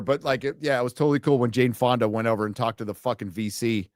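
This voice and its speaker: A man's voice: medium pitch, steady tone, fast talker, hardly any pauses, no echo, clean studio sound. A man hosting a live stream, ranting in sarcastic, profane, combative commentary.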